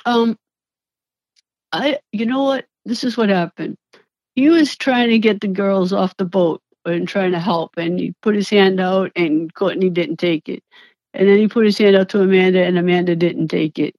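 A young woman talks as an interview guest, laughing often and acting out what people said. Her telling is animated and loose, with casual swearing. The sound is dry and close. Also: medium pitch, normal speed, no echo, highs cut off. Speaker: interview guest, former reality show contestant. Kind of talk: casual storytelling.

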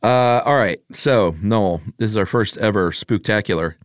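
A man in his forties co-hosting a podcast, relaxed and joking, laughing often. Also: on the low side, moderate pace, no room sound, clean studio sound. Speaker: podcast co-host. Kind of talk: casual chat.

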